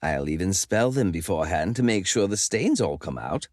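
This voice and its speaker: A man's voice: sits low, lively intonation, moderate pace, no room sound, clean studio sound. A man voicing an eager, showy wizard in an audiobook, keen to help.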